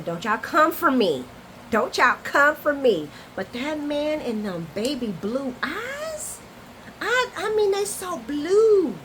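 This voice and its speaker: A woman's voice: fairly high pitch, slight background noise. A woman hosting a casual soap opera recap, chatty and playful, talking straight to her viewers. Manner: chatty, animated, playful asides, addresses viewers as y'all. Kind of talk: casual chat to camera.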